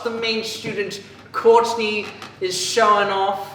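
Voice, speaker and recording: A man casually recapping a book for a podcast, rambling and animated, with lots of filler words. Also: sits high, slow. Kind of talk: casual chat. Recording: echoey room, distant mic, faint hiss.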